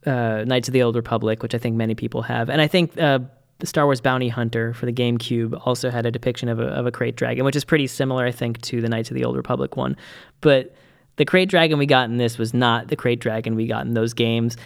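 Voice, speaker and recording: A man in casual podcast chat as co-host, rambling and animated with quick asides. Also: mid-range voice, gravelly, clear, resonant tone.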